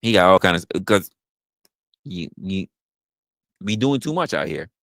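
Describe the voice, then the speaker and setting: A man's voice: deep voice, sing-song, unhurried, vocal fry, a bit bright, no room sound. Emphatic, profane man ranting. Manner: profane, emphatic, repeats himself. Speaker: podcast host. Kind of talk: opinionated casual rant.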